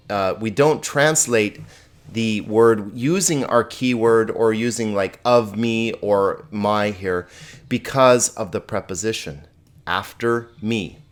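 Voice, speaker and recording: Friendly man teaching a grammar lesson. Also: on the low side. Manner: friendly, repeats forms slowly, asks students questions. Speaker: Greek teacher.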